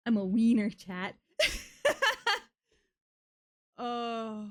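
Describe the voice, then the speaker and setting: A young woman streams live, chatting casually with her audience in a mid-range voice with fairly even intonation. She speaks slowly with long pauses, swears often and shrieks when thrilled.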